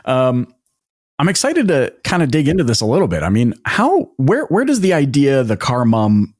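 Lively Canadian man hosting a podcast. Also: a little high, moderate pace. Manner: enthusiastic, restarts questions. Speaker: podcast host. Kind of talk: casual interview.

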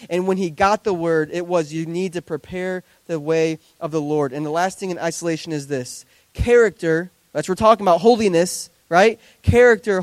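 A man in his thirties, a pastor preaching a sermon to his congregation in an animated, conversational way with joking asides. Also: sits high, dry recording. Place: church service before a congregation.

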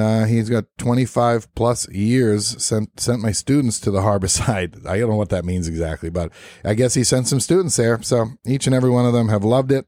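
A man's voice: fairly low pitch, warm tone, no room sound. A man co-hosting a casual podcast, reading listener emails aloud with jokey asides. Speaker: podcast co-host.

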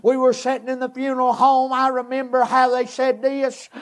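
High-voiced man giving testimony. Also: monotone. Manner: earnest, halting, short emotional phrases. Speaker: preacher giving a personal testimony. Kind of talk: emotional testimony sermon.

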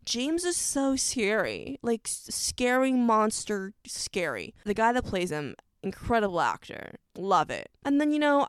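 A young woman hosting a podcast in a gushing, animated way, chatting casually about a TV show. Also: lowish voice, smooth, dry recording. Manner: gushing, animated, full of fillers like "oh my gosh". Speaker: podcast host. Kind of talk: casual chat recapping a TV show.

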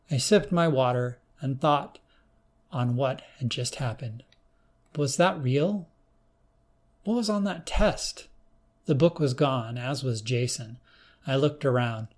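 A man narrating a first-person story in a measured, plain storytelling manner. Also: mid-range voice.

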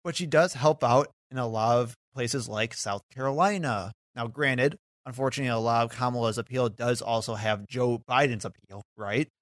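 A man co-hosting a political podcast in casual chat, talkative and quick to laugh. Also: medium pitch, dry recording, studio quality. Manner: talkative, laughs often, hedging asides. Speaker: podcast co-host.

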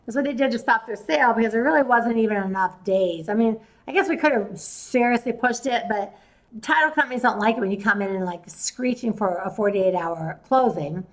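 A woman's voice: on the high side, fairly quick, rough recording. A woman, hosting a podcast and telling a story casually, acting out the people she talked to. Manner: chatty, retells conversations in quoted voices. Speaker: podcast host and real estate investor.

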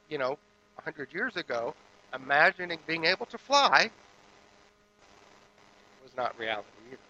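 Bright-voiced man preaching. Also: on the high side, highs cut off, a little hiss or hum. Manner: hushed meditative passages, then lively storytelling. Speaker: minister. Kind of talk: sermon with guided meditation.

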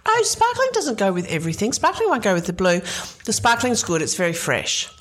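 A woman co-hosting a podcast, chatting casually through a wine and cheese tasting, animated and blunt, laughing often. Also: mid-range voice, a little fast. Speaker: podcast co-host.

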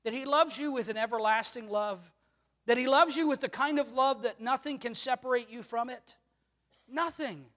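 A man's voice: very high voice, moderate pace, sharp tone. A man preaching a sermon with earnest rhetorical questions, his volume swelling and dropping. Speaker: pastor. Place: church sanctuary. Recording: long reverb of a church hall.

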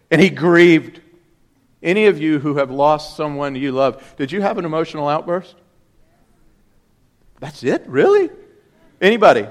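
Man preaching with sweeping dynamics. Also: on the high side. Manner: preaching with big swings from quiet reading to loud emphatic outbursts. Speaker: pastor. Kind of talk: sermon.

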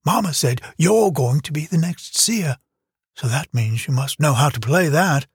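A man's voice: fairly high pitch, lively intonation, a little slow, breathy edge, dry recording, clean studio sound, heavily acted. A man voicing a chatty, stubborn little village girl in an audiobook, talking earnestly and insistently. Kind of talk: audiobook character reading.

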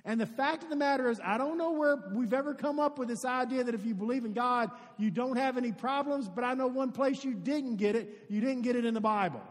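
High-voiced preacher man in a reverberant hall. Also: a little fast, few pauses. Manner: earnest storytelling preacher who addresses the congregation directly. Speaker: pastor. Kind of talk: sermon. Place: church sanctuary with a congregation.

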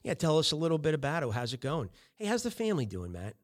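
A man's voice: on the high side, big pitch swings, quick pace. A middle-aged man hosting a podcast, giving casual coaching on small talk with lots of fillers and acted-out sample chats. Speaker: podcast host.

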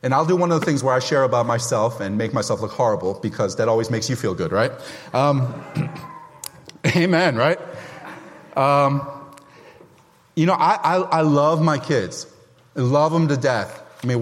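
A middle-aged man preaching a sermon as a pastor, loud and emphatic, with self-deprecating humor. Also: medium pitch, long reverb tail.

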